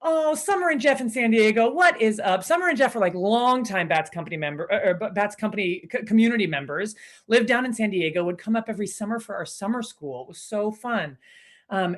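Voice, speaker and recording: A woman hosting an online improv show from her living room over a video call, chatty and bubbly, giving shout-outs and easily distracted. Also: fairly high pitch, lively intonation, fairly quick. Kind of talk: live stream welcome and shout-outs.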